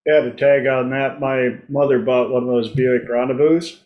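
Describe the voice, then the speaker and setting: A man's voice: medium pitch, fairly even intonation, lo-fi sound. A man on a casual group video call who talks unhurriedly, telling small anecdotes. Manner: slow, anecdotal. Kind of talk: casual panel discussion.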